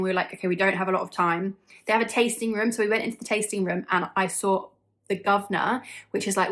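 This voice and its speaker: A woman's voice: mid-range voice, a bit bright. A young woman telling a story casually to her vlog audience, chatty, with lots of fillers and frequent laughs. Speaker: vlogger.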